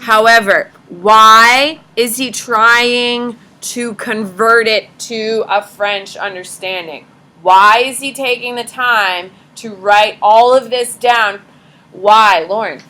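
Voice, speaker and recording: Teacher lady lecturing her class, bright voice, sarcastic and super casual. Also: a little high, fairly even intonation, slow pace, low-quality recording. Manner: chatty, sarcastic, swears casually.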